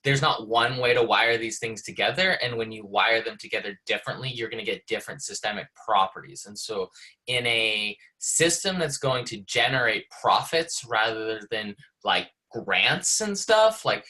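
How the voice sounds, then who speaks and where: A man's voice: fairly low pitch, expressive, moderate pace, sharp tone, poor audio. A man presenting on a community video call, explaining a technical design as he thinks aloud, with many fillers and restarts.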